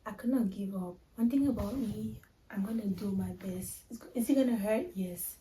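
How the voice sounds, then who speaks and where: A woman's voice: medium pitch, moderate pace, warm tone, roomy sound, recorded from a distance, slight background noise, low-quality recording. A young woman telling her own story in a personal vlog, emotional and confiding, often turning to her viewers as if talking to friends. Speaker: vlogger.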